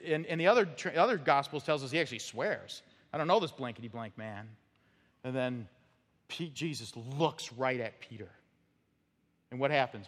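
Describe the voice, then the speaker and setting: A male pastor preaching an expository sermon, emphatic, with rhetorical "right?" checks and sudden drops to a quiet voice. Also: a little high. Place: church sanctuary. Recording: reverberant hall sound.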